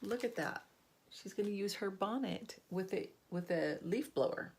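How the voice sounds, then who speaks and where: An older woman reading a story aloud to children, gently pausing to ask them questions. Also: mid-range voice, lively intonation, a little hiss or hum. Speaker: storybook reader.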